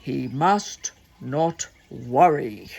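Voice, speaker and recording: A man's voice: mid-range voice, expressive, very slow, creaky, a little mellow, husky, pitched below the performer's own voice, exaggerated voice. A woman reading the part of a tall, grand teddy bear doctor who gives firm, solemn orders.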